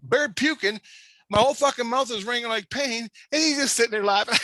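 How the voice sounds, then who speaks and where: A man with an extremely high, bright, forceful voice speaks briskly and intensely in casual conversation, telling a long, rambling story about an experience in the spirit world and swearing constantly. The recording is dry.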